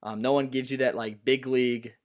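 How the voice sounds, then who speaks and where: A man's voice: mid-range voice, fairly even intonation. A young man, a baseball player, talking casually as an interview guest with many fillers and restarts. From US Pacific Northwest. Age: young adult. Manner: halting, full of fillers and restarts.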